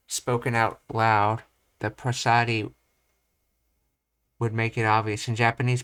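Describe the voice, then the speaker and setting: A young man reading and commenting on language study material, thinking aloud with halting restarts. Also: on the low side, fairly bright tone, clean tone. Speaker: language teacher.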